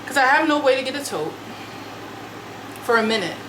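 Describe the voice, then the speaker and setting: A woman's voice: a little high, normal speed. Young woman vlogger, chatty and slangy, talking while she tidies, noisy home recording. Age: 20s. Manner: chatty, slangy, talks to herself as she works. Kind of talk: casual chat while decluttering. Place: her apartment.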